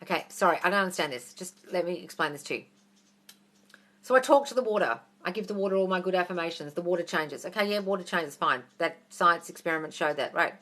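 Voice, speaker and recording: A woman's voice: lowish voice, fast talker, fairly bright tone. A woman in her thirties with an Australian accent, answering viewer questions on a livestream in a blunt, profane way and calling listeners darling. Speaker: manifestation coach.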